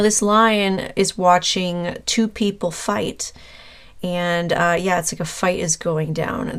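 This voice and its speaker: A woman giving a casual, rambling tarot reading, talking straight to her viewer and pausing with fillers as she searches for words. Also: on the low side. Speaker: tarot reader.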